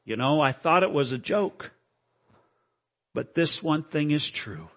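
A male preacher delivering a dramatic sermon at a church service, with emotional, pleading lines that climb high. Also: lively intonation, measured pace, fairly bright tone. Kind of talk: dramatic sermon with recited poem.

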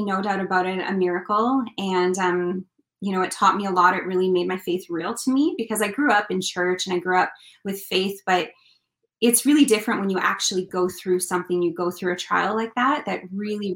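A woman's voice: medium pitch, a little fast, a bit bright, reverberant, rough recording. A woman from Canada, a country singer and interview guest, telling a personal story in an earnest, heartfelt way.

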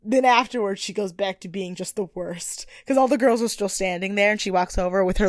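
A woman co-hosting a podcast, recapping a reality show in casual, animated chat, swearing and laughing often. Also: medium pitch, brisk, hardly any pauses, dry recording, studio quality. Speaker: podcast co-host.

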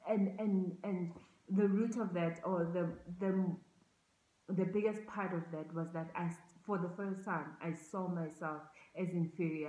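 A woman's voice: fairly low pitch, darkish tone. A woman giving an earnest, reflective talk, often repeating words and restarting her phrases as she searches for them. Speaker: speaker on racial oppression. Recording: roomy echo.

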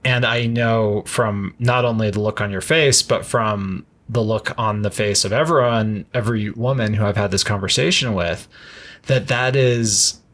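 A man's voice: on the low side, steady tone, moderate pace, fairly bright tone. A man co-hosting a podcast in casual chat, playful and laughing often. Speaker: podcast co-host.

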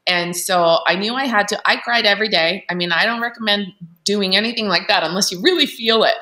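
A woman guest telling a personal story in an earnest, animated way, full of fillers and restarts. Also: medium pitch, fairly quick. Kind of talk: candid storytelling interview.

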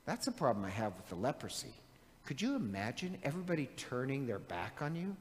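A middle-aged man preaching a conversational sermon as a priest, animated and chatty, often asking his listeners questions. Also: mid-range voice, brisk. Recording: long reverb of a large hall.

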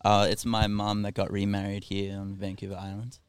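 A man's voice: fairly low pitch, completely flat delivery, brisk, smooth, no echo. A young man with a hybrid Australian-Canadian accent, talking casually as a podcast guest and telling his story in a rambling way that keeps correcting itself, recorded aboard a ferry. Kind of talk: casual chat.

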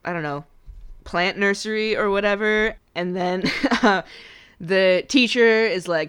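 Woman, casual movie recap, smooth clear voice, a bit low, playful. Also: measured pace, a bit bright. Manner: chatty, playful, acts out quotes in voices.

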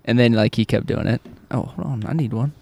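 A man co-hosting a podcast in casual chat, an easygoing parent who tells quick anecdotes, recorded on an outdoor patio. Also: medium pitch, gravelly, a little mellow, slight background noise. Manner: easygoing, lots of quick agreement. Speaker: podcast co-host. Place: back patio outdoors by a fire.

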